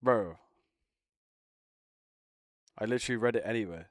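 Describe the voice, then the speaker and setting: A man's voice: on the low side, normal speed, no room sound, clean studio sound. A young man bantering casually with friends as a streamer, teasing, swearing and laughing often.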